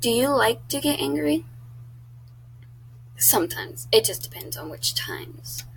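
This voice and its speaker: A woman's voice: fairly high pitch, big pitch swings, a little slow, creaky, a little hiss or hum, poor audio. A teenage girl chatting casually on her own vlog, blunt and talkative, swearing often. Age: teens. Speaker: YouTuber.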